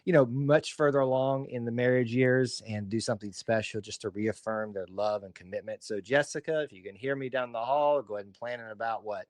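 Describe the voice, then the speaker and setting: A man's voice: mid-range voice, steady tone, a little fast, few pauses, a little mellow, no echo, studio quality. A man from Alabama with an Alabama Southern accent, co-hosting a casual sports podcast in a rambling, joking, self-deprecating way. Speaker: podcast co-host.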